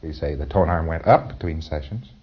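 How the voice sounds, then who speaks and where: A man's voice: very deep voice, a little fast, breathy edge, lo-fi sound. A man giving a recorded training lecture in a wry, conversational way, acting out little exchanges and chuckling at his own points.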